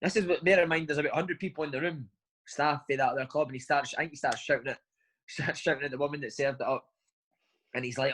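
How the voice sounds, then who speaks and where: A man's voice: medium pitch, steady tone, fast, fairly bright tone, poor audio. A man, a footballer, chatting casually in an interview and telling long anecdotes, forever saying "mate". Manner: chatty storytelling, says "mate" constantly. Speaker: footballer guest.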